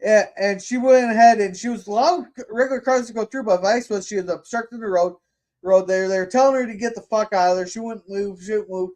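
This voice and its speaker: A man's voice: high voice, darkish tone. A man hosting a casual podcast, talking bluntly with lots of swearing and stumbling restarts. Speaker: podcast host. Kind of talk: casual opinionated chat.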